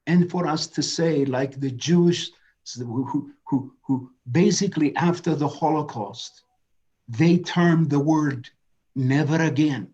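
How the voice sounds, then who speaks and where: A man's voice: a little high, measured pace, darkish tone, slightly rough, lo-fi sound. A man moderating a webinar, giving passionate opening remarks that rise to emphatic declarations.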